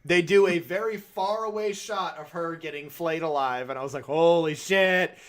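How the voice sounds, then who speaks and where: A man co-hosting a podcast, retelling a film in casual chat with animated, acted-out quotes. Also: a little high, moderate pace. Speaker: podcast co-host.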